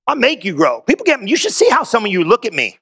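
A male pastor preaching in a loose, street-talk manner, full of quick questions to his listeners. His voice sits high for a man and rings bright and forceful. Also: wildly swooping pitch, slightly rough. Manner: casual, slangy preaching with call-and-response questions. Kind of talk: sermon.

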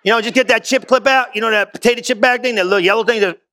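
A man's voice: very high voice, racing, pushed and bright. A man preaching a sermon as pastor in a casual, slangy style, often asking the crowd questions and answering himself.

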